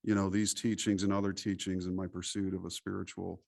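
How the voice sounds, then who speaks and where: A middle-aged man from the United States, a podcast interview guest, talking in an animated, preachy storytelling way. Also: low voice, fairly quick, creaky, dry recording, clean studio sound.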